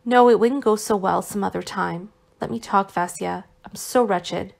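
A woman voicing a gentle, worn-out young man who is still recovering, speaking tenderly with some reproach, in an audiobook reading. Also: mid-range voice, normal speed, creaky. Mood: tender, reproachful.

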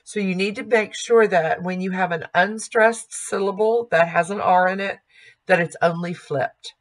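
With a medium-pitched voice, a woman leads a diction lesson for singers. She talks slowly and deliberately, voicing vowels and words in song to show how they should sound.

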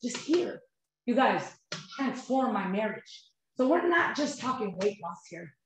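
A woman, hosting and talking to her viewers about her life, animated and heartfelt. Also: on the high side, unhurried, a little hiss or hum. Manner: animated, heartfelt, addresses viewers as "you guys". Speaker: host of a couples health channel. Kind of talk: emotional personal talk to viewers. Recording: very echoey room.

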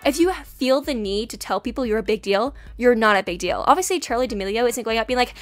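Sassy high-voiced woman, fast storytime. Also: animated. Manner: sassy, chatty, lots of "like". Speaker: YouTube graphics artist. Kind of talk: casual storytime vlog. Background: faint background music.

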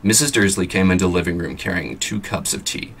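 A man's voice: low-pitched, fairly quick, vocal fry, fairly bright tone. A man reading a novel aloud with a scratchy throat, adding chatty asides now and then. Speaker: vlogger reading an audiobook.

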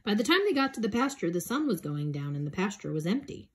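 A woman reading a children's picture book aloud in a gentle, expressive way. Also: mid-range voice, brisk, few pauses, slightly rough. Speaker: storybook reader.

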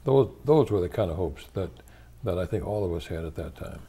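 An older man from the United States speaks low and mellow in an interview. He is measured and reflective, often pausing to gather his thoughts. His deep, relaxed tone carries an unhurried, thoughtful manner. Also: breathy edge. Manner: measured and thoughtful, with frequent pauses and restarts. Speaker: interviewee, retired church leader.

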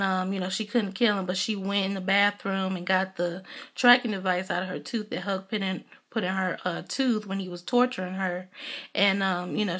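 A woman's voice: medium pitch, fairly bright tone. A young woman vlogger giving a casual, chatty recap of a TV episode, retelling scenes and quoting characters as she goes.

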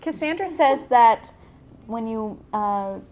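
A woman's voice: a little high, animated, slow, a little mellow. A young woman hosting a live painting stream, chatting casually, laughing often and reading viewer comments aloud. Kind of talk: casual chat while painting. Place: art studio, indoors.

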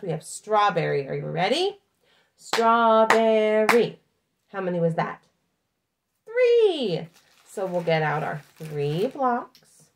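Woman, teacher, children's lesson, patient, sing-song, slow. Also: mid-range voice, creaky, a little mellow.

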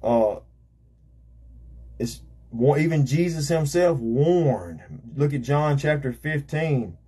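A man's voice: a little high, animated, slow, dark tone, husky. A man preaching a fervent sermon as an evangelist, repeating himself and calling out amen and praise God.

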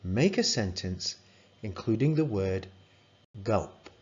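A man teaching an English lesson, reading vocabulary and a story aloud in a slow, encouraging way. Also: fairly low pitch, very animated, a little mellow, husky. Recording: dull lo-fi recording.

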